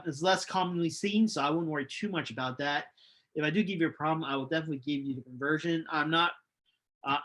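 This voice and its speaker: A male chemistry lecturer giving a recorded online lecture, unhurried and hesitant, with many ums and restarts. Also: on the high side, pushed and bright. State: losing his voice, coughing.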